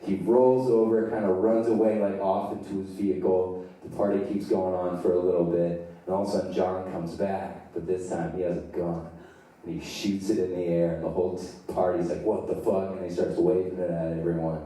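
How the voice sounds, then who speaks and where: A man's voice: low voice, little pitch movement, fairly quick, warm tone. A young adult man doing live stand-up storytelling, loose and profane, laughing at his own tale on a theater stage. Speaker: stand-up comedian. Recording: echoey theater from far off.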